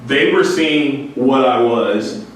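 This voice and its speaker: A man with a mid-range voice speaks slowly, delivering an earnest, candid motivational talk to music students and often breaking into laughter. The recording was made in an echoey hall, with his voice sounding far off over faint noise.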